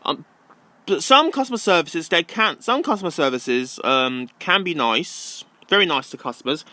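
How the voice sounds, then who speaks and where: A man's voice: a little high, animated, moderate pace, bright, forceful tone, no room sound. A young man ranting casually to camera, rambling and repeating himself with many ums. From London. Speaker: vlogger.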